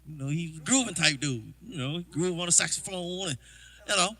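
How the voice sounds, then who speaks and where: A man's voice: a little high, fairly quick, no echo. A man, a drummer, chatting to his livestream audience and telling loose, rambling stories about past gigs, full of "you know" asides. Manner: acts out quoted exchanges in a hushed voice. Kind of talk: casual livestream storytelling.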